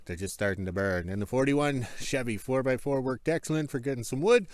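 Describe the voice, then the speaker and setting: Brisk, with medium pitch, lively intonation and no room sound, this homesteading vlogger shows off his workshop and yard in the cold north. He narrates casually, rambling in a folksy manner and correcting himself.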